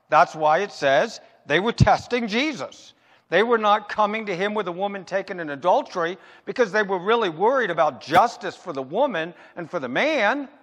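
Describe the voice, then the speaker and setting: A man preaching a sermon as pastor, asking rhetorical questions and answering them himself, slowing down to stress his points. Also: high voice, fairly bright tone, in a large hall. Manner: emphatic, slows down to stress points.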